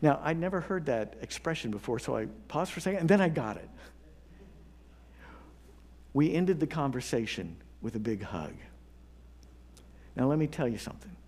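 A man pastor delivering a sermon, telling a story with earnest pauses and building to emphatic appeals. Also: medium pitch, darkish tone.

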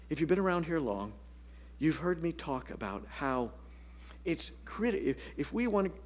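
A man preaching a sermon as pastor, telling stories and dropping to a whisper for emphasis. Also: high voice. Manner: storytelling, dynamic, drops to a whisper for emphasis.

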